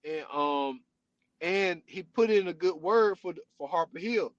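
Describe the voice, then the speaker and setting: A man hosting a podcast, retelling a story in an animated, casual way with lots of "you know what I'm saying". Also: high voice, a little slow, no echo, lo-fi sound. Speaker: podcast host. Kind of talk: casual chat.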